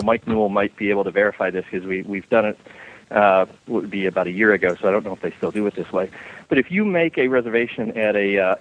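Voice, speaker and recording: A man's voice: fairly low pitch, slight background noise. Man calling in over a tinny phone line. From Michigan. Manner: rambling, hesitant, many fillers. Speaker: caller. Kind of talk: phoned-in tip on a radio show.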